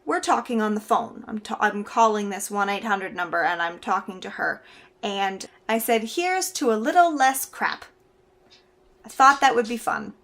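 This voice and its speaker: A woman's voice: medium pitch, normal speed, a bit bright. A young woman from Canada telling a funny personal story to camera in a casual, chatty way, laughing now and then. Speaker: vlogger.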